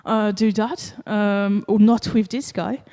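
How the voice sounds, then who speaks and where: A woman's voice: medium pitch, fairly even intonation, slow, mellow. A woman with a French accent giving a conference talk in a casual, joking way with many fillers. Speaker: conference speaker. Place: conference hall. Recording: long reverb of a conference hall.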